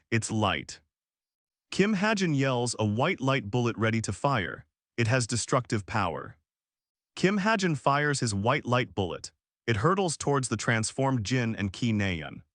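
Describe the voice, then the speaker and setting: A man narrating a comic recap as scripted storytelling, telling events in an even way and putting dramatic questions to the listener. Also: medium pitch, no echo, studio quality.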